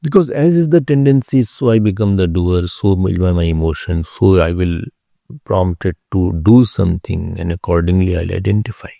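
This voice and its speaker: A man teaching a philosophy class, explaining slowly, repeating key terms and checking whether his listeners follow. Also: deep voice, vocal fry, dark tone, no echo, studio quality. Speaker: spiritual teacher.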